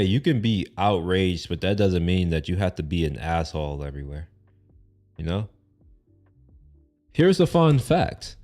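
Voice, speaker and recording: A man's voice: deep voice, warm tone. A man from Texas, giving blunt, profane, rambling reaction commentary on clips.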